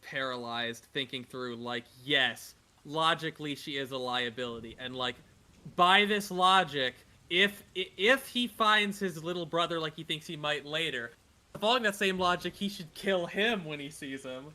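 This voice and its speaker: A man's voice: a little high, normal speed, pushed and bright. A man playing a tabletop game, reasoning through his character's choice hesitantly with many fillers. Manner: hesitant, reacting with groans and fillers. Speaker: player. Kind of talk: casual tabletop play.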